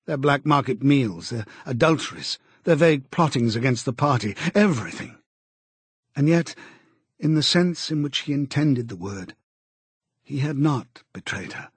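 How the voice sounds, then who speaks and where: A man narrating an audiobook in a grave, even storytelling manner. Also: mid-range voice, husky, no room sound.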